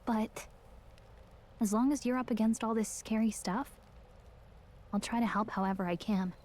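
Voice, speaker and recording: An actress playing an earnest, caring young companion in a video game, talking in an encouraging, conversational way. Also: female voice, on the high side, normal speed, darkish tone, close to an everyday voice. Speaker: game character.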